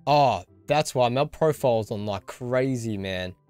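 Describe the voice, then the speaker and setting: A man's voice: mid-range voice, measured pace, a little mellow, clean tone, no echo, soft background music. A man with an Australian accent chatting casually while streaming a video game, muttering to himself as he fixes his settings. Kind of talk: casual gaming stream commentary.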